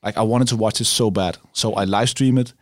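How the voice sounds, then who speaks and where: A man with a fairly low voice talks things through in an easygoing podcast conversation. He thinks aloud and keeps checking in with his partner. The sound is close and dry. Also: steady tone, fairly quick, dry recording. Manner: reflective, frequent "right?" tags. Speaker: YouTuber, podcast co-host. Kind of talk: casual chat.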